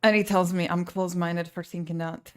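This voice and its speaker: A streamer and painter with a lowish voice talks a little fast and in a steady tone, with slight background noise in the audio. In casual live-stream chat she rambles and vents in exasperation, full of restarts and trailing thoughts.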